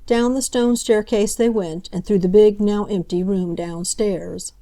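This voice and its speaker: A woman narrating a classic novel in a calm, measured audiobook reading. Her voice is mellow and dark-toned, set at a middling pitch.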